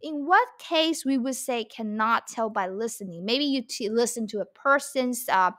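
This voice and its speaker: High, bright-voiced woman teaching Mandarin. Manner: slow, repeating phrases for learners; mixes English explanation with Mandarin examples. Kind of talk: language lesson explanation.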